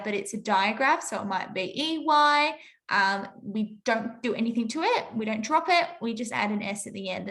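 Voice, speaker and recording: A woman teaching a recorded spelling lesson to young children, explaining rules patiently and clearly with example sentences. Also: on the high side, fairly bright tone. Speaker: primary school teacher.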